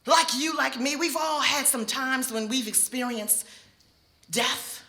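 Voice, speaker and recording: A middle-aged woman telling a personal story on stage before an audience, expressive and speaking straight to the listeners. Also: sits high, measured pace. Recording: echoey hall.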